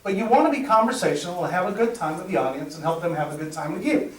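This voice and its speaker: A man's voice: high voice, fast. A middle-aged man leading a live presentation skills workshop, telling stories to the room and acting out the dialogue with laughs. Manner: energetic storyteller, acts out dialogue, laughs at own jokes. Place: meeting room with audience. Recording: roomy sound from a distance.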